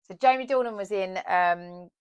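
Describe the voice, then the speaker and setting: A woman co-hosting a podcast about acting chats in a playful, talkative way. She thinks out loud and keeps things light. Her voice is close and dry, with no room around it. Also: mid-range voice, moderate pace, clean tone, dry recording. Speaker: podcast co-host and actor. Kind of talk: casual podcast chat.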